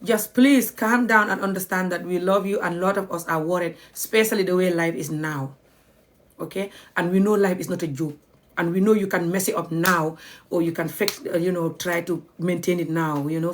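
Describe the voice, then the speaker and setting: A woman's voice: on the low side, a little hiss or hum. Chatty woman teaching on a livestream. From Gambia. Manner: chatty, spells words out letter by letter, laughs often. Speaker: language teacher. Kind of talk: live-streamed language lesson.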